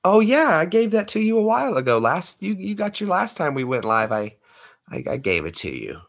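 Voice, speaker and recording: A man hosts a late-night livestream and chats easily with his viewers. He talks in a playful, joking way. His pitch moves a lot as he speaks. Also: wildly swooping pitch, brisk, creaky. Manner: playful, jokey, slips into put-on accents. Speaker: livestream host.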